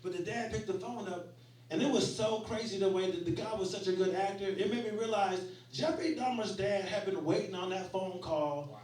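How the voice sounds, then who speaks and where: A man's voice: high-pitched, brisk, a little mellow. A man in his forties telling stories in a loose, profane, conversational way during a stand-up set at a small venue. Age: 40s. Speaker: stand-up comedian. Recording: roomy club sound, mic at a distance.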